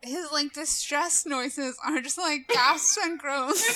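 A woman's voice: high voice, animated, slow, pushed and bright. A woman in casual chat who giggles and echoes her friend's lines.

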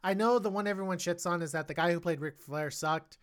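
A man co-hosting a podcast, reviewing a film in casual chat, animated and earnest, quoting characters' thoughts as he talks. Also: high-pitched. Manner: animated, acts out characters' thoughts in quick quotes; emotional and earnest about the film. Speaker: podcast co-host.

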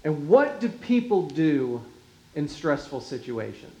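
A pastor giving a sermon in a measured, unhurried way, often dropping softly in volume and chuckling lightly. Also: mid-range voice, very animated. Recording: roomy echo.

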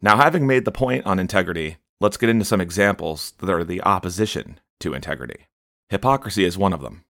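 A man's voice: low voice, lively intonation, fast, gravelly, a bit bright, no room sound, studio quality. A man preaching a sermon in a conversational way, often saying "you know" and reading scripture aloud.

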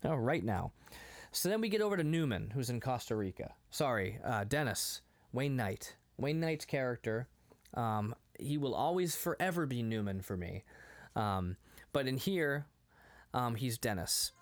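A man's voice: medium pitch, lively intonation, normal speed. Rambling man chatting about a movie. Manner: rambling, laughs often, acts out quotes. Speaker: podcast co-host. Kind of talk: casual movie chat.

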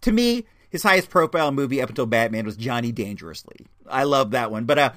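A man talks through a movie review in a loose, enthusiastic ramble, tripping over his own restarts. His pitch swings widely as he gets excited, and his tone sits at a middling height. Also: quick pace. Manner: rambling, many restarts and fillers; enthusiastic, chatty.

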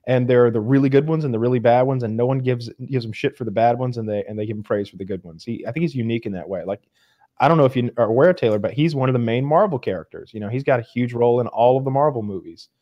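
A man's voice: mid-range voice, very fast, dry recording, highs cut off. A man chatting casually on a podcast, rambling and repeating words, acting out quotes. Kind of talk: casual chat.

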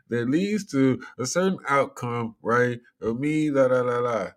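A man's voice: medium pitch, a little slow. A man giving loose, rambling commentary to his viewers, laughing often and swearing freely. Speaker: commentary vlogger.

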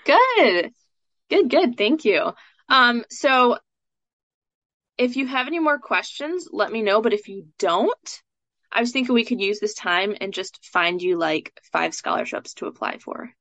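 A woman's voice: fairly high pitch, animated, measured pace, a bit bright, dry recording. A woman coaching a student through a live session, chatty and casual, with plenty of "like" and "um". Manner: chatty, fills speech with "like" and "um". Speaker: scholarship coach. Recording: dull lo-fi sound.

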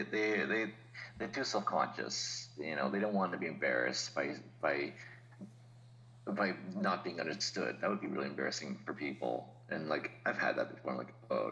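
A man's voice: rumbling low, bright, forceful tone, dull audio. A man talking as a podcast guest in casual chat, explaining things patiently with laughs and asides.

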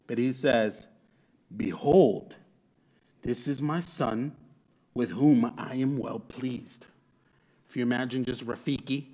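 Enthusiastic pastor, a man preaching. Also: medium pitch. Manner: reads scripture aloud, then expounds. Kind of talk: sermon.

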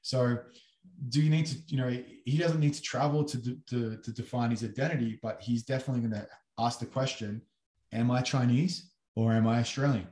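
A man hosts a casual conversation in an earnest, exploring way. He speaks at a middle pitch, often restarting sentences to find the right words. The room around him sounds roomy and echoing. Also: a little fast, darkish tone. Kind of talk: casual discussion. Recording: roomy echo.

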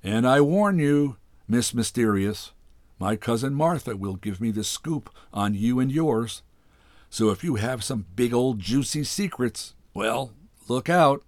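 A man's voice: medium pitch, expressive, a little slow, darkish tone, dry recording, lightly acted. A man voicing a nosy, chattering society woman in a storybook reading, gushing and eager.

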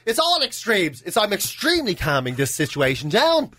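Give me an animated, sweary Dublin man co-hosting a podcast, with a high, bright voice. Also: moderate pace. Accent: Irish, Dublin. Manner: animated, sweary, mimics rows with sudden shouting. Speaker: podcast co-host. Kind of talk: casual chat.

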